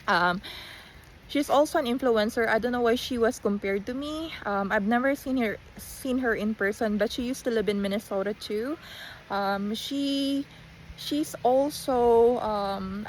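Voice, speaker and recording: A woman's voice: a little high, a little hiss or hum. A woman with a Filipino accent, just woken up, talking in a casual rambling monologue full of restarts, fillers and switches into Tagalog phrases. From Philippines.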